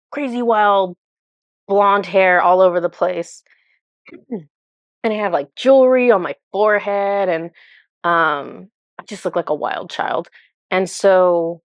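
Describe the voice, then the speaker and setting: Woman, lowish voice, chatty vision retelling, spiritual channeler, dry close sound. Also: no echo. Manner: chatty, filler-heavy, laughs at herself.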